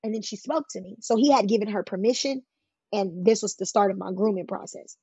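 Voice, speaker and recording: A woman's voice: mid-range voice, brisk, warm tone, husky, no echo, muffled recording. A woman guest telling her own life story in an interview, plain-spoken and emphatic, often acting out what others said. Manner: emphatic, plain-spoken, acts out quoted voices. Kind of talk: candid conversational storytelling.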